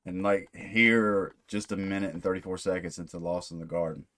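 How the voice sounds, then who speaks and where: A man's voice: deep voice, level tone, brisk, a bit bright. A man hosting a music reaction video, talking casually and thinking aloud with rambling restarts. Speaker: music reaction channel host.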